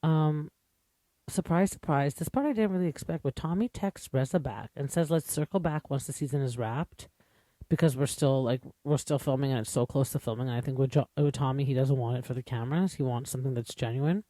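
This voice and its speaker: Chatty man with a mellow voice. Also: mid-range voice, a little fast, no echo. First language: English. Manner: chatty, opinionated, lots of fillers and asides. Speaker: podcast host. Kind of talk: casual recap commentary.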